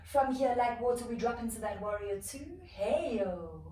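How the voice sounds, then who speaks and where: A woman yoga instructor calmly cueing a flowing class, slightly out of breath as she moves through the poses. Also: fairly high pitch, brisk. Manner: calm, flowing cues with soft exhales between moves. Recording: echoey room, distant mic, faint noise.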